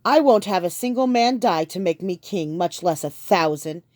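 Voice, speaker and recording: A woman's voice: fairly low pitch, animated, moderate pace, a little mellow, dry recording, natural voice. A woman narrator voicing a resolute young king giving a rousing speech to his people. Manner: rousing, speech-making delivery.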